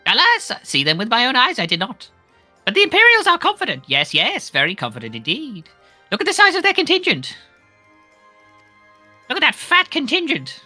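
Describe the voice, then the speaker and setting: A woman's voice: sits high, huge pitch swings, moderate pace, pauses often, pushed and bright, no room sound, soft background music, exaggerated voice. A woman voicing a shifty, cowardly male informant who keeps fawning with "yes, yes" while reading game dialogue with friends. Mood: sly. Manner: wheedling, repeats "yes, yes".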